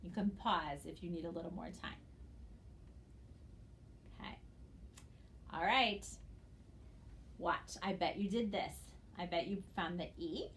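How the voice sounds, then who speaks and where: A patient woman with a medium-pitched voice teaches phonics in a recorded lesson for students, with slight background noise. She speaks slowly, spelling out letters one at a time.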